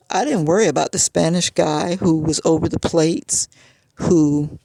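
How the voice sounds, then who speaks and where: Woman, mid pitch, gravelly; frustrated vlog rant, dry close sound. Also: a little mellow, no room sound. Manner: agitated, frustrated storytelling.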